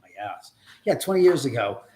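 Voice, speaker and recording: A man's voice: mid-range voice, big pitch swings, a little fast, darkish tone. A man hosting a live stream from his own house, telling a story in a chatty, casual way, acting out the voices of the people he quotes and swearing now and then.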